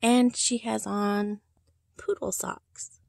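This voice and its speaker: A woman showing her doll collection in a casual vlog, soft-spoken and halting, often dropping to a whisper and holding back tears. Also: medium pitch, little pitch movement, gravelly, dry recording. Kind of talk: casual show-and-tell vlog.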